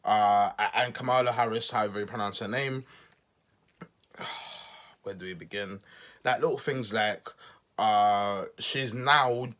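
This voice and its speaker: Low, bright-toned man rambling on a podcast. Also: moderate pace. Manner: rambling, with frequent restarts and stumbles; self-deprecating asides. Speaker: podcast host. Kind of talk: casual political commentary monologue.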